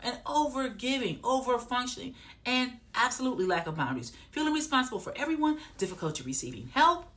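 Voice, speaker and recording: Casting note: woman therapist, high voice with lively swings, repetitive teaching delivery that keeps checking in. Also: fast talker. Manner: animated, repeats points, keeps checking in with listeners. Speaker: trauma therapist and coach. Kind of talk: teaching talk to camera.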